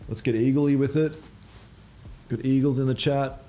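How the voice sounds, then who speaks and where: A man's voice: mid-range voice, steady tone, moderate pace, mellow. A man hosting a live trading stream, answering viewer comments in a laid-back, slangy, blunt way and swearing now and then. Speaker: trading livestream host.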